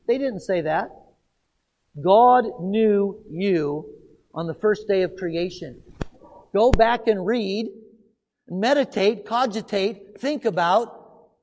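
A man preaching a sermon, asking emphatic rhetorical questions and swinging between loud outbursts and hushed passages. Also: high-pitched, slow, pauses often. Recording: long hall reverb.

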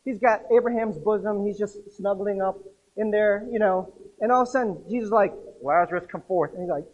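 A man preaching a casual sermon to a group, chatty and animated, acting out voices in his stories. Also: high voice, a little fast, lo-fi sound. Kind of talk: conversational sermon.

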